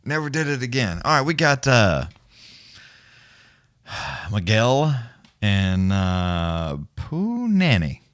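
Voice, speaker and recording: A man's voice: lowish voice, animated, slow, pauses often, fairly bright tone, smooth, no echo, studio quality. A man hosting a live fight watch-along stream, chatting casually and telling rambling, profane stories with chuckles. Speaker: livestream host. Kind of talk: casual profane storytelling chat.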